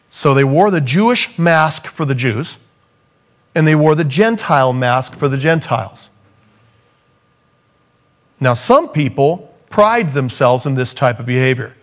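Animated male preacher acting out scripture. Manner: animated, acts out quotes, swings pitch up for emphasis, drops low on key points. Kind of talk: sermon.

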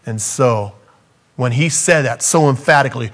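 At an ordinary pace, a man gives a sermon in which he performs the scripture quotes, raising his pitch to stress things and lowering it on key points.

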